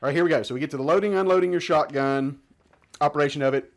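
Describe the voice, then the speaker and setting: A man's voice: fairly high pitch, very fast, creaky. A man reviewing gear in a casual hands-on demonstration, chatting and thinking aloud as he handles each part.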